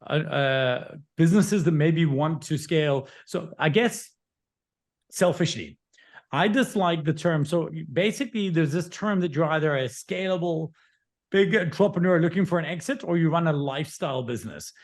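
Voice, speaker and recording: A man's voice: on the high side, normal speed. A man talking through his views in a casual podcast discussion, musing and correcting himself as he goes. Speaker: regular guest.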